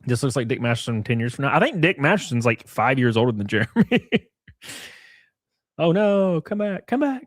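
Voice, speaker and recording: A man's voice: medium pitch, big pitch swings, moderate pace, dry recording, clean studio sound. A man hosting a casual commentary stream, mocking and profane, who laughs often at what he reads out. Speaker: streamer host.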